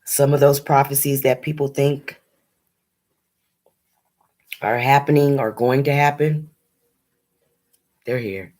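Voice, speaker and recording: A woman speaking as a spiritual medium in a heartfelt video message, earnest and halting, holding back tears. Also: rumbling low, steady tone, darkish tone. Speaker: spiritual medium addressing viewers.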